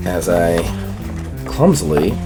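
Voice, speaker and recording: A man's voice: low-pitched, big pitch swings, takes it slowly. Man, game master, tabletop narration, rambling, many fillers, light music behind.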